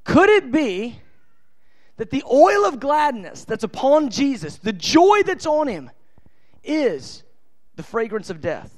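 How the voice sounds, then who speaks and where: High-voiced, impassioned male preacher. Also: big pitch swings, slow. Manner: impassioned, emphatic, with colloquial asides. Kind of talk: sermon.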